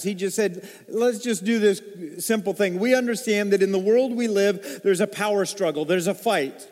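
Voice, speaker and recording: A man delivers a sermon from the pulpit, his voice sitting high for a man. He swings between loud, emphatic lines and hushed, low asides. Long reverb trails off each phrase. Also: moderate pace, few pauses. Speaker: pastor. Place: church sanctuary.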